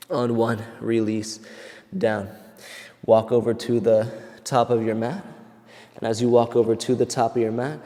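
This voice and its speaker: A man guiding a yoga class as he does the poses himself, counting holds and out of breath as he moves. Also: mid-range voice. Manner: calm counting cues, moving along with the class. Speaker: yoga teacher. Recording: long hall reverb.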